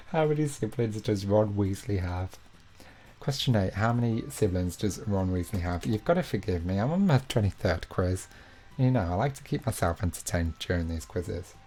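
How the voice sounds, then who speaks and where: A man's voice: low-pitched, big pitch swings, moderate pace, a little mellow, husky. A young man hosting a live online quiz, reading each question twice and filling the gaps with chatty, self-mocking asides. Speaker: quiz host.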